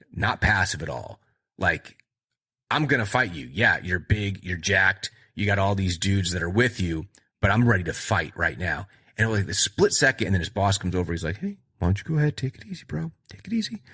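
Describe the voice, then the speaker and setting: A man's voice: lowish voice, pushed and bright, slightly rough. A man hosting a podcast, retelling a movie in a loose, rambling way with lots of fillers and restarts. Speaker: podcast host.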